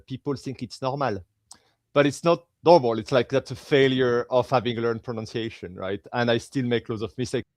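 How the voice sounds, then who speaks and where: A man's voice: mid-range voice, dry recording. Man making a firm point, dry sound. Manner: opinionated, thinks aloud. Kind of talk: casual chat.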